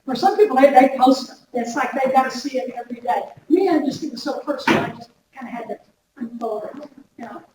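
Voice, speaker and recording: Woman with a higher voice giving a chatty workshop talk, far off mic, lots of hiss. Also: fast. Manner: chatty, repeats words, addresses audience directly. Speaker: workshop speaker. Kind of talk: lively workplace wellness talk. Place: large room before an audience. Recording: echoey hall recorded from far off with noise.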